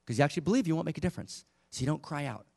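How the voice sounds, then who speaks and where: A man's voice: a little high, expressive, rapid-fire, gravelly, dark tone. A man giving an impassioned spiritual teaching talk to a live audience in a room, asking many rhetorical questions.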